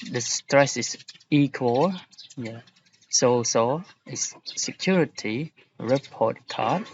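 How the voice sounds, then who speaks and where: A man teaching an English lesson, explaining word rules slowly and patiently with examples. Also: mid-range voice, highs cut off, a little hiss or hum. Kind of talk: recorded classroom lesson.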